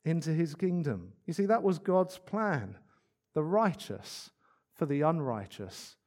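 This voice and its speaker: Earnest preacher with a higher man's voice. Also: big pitch swings, a little mellow. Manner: earnest, slows down to stress key words. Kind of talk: sermon.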